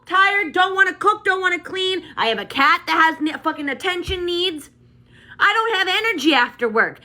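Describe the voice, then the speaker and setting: High, bright, furious ranting woman. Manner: profane, exasperated, listing in rapid bursts. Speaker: ranting video creator. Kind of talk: angry rant to camera.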